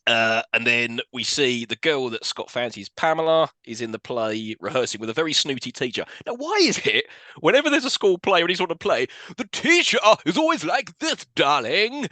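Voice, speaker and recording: A man recapping a film as co-host of a casual podcast, animated and quick. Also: mid-range voice, no echo. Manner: animated, quick storytelling with frequent laughs.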